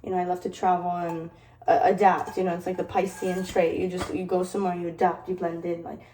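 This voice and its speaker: A woman's voice: fairly low pitch, level tone, fairly quick, mellow, roomy sound, far from the mic, low-quality recording. A woman from Detroit chatting casually in a vlog, playful and laughing often, with a mixed accent that partly sounds British. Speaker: vlogger. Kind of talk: casual chat while working.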